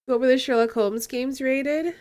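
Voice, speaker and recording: Giggly high-voiced woman streamer. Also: fairly even intonation, moderate pace, darkish tone. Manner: giggly, playful, laughs often. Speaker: game streamer. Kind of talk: casual gameplay commentary. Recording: faint game music behind.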